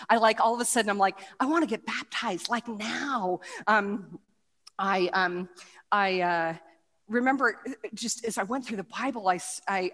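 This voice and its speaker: A middle-aged woman tells her testimony at medium pitch, stumbling over restarts and fillers as she goes. She acts out the quoted voices animatedly. Her voice rings with the long reverb of a hall. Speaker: speaker giving a testimony. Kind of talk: personal testimony talk with slides.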